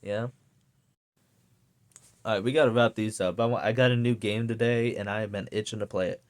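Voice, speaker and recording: A man's voice: fairly low pitch, fairly even intonation, a little fast. A young man ranting casually to camera, rambling and swearing with lots of fillers. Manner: profane, rambling, many fillers. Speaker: vlogger.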